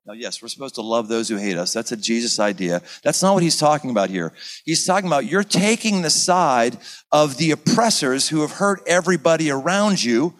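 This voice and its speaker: A pastor teaching in a sermon style, animated and dramatic, acting out the scenes he describes. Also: on the high side, low-quality recording.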